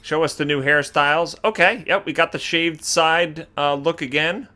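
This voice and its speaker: A man hosting a casual gaming video, reacting with animated exclamations and laughter. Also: a little high, normal speed. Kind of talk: casual game commentary.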